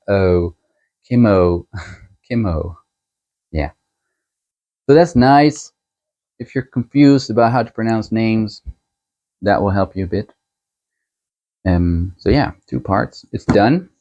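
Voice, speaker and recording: A man hosting a book channel, chatting casually as he shows a book set and reviews a novel, unhurried and chuckling as he thinks aloud. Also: lowish voice, dark tone, dull audio.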